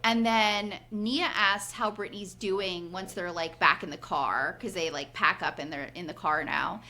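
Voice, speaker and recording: A woman in her forties co-hosts a podcast, recapping things in a casual, animated chat, acting out quotes and saying "like" a lot. Her voice sits lowish, bright and forceful, at a measured pace.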